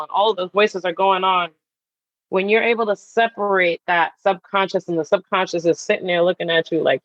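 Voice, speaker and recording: A woman wellness coach, a guest in a casual podcast conversation, talking in an animated way, swearing freely and acting out the voices in her head. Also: on the low side, fast, no room sound, muffled recording.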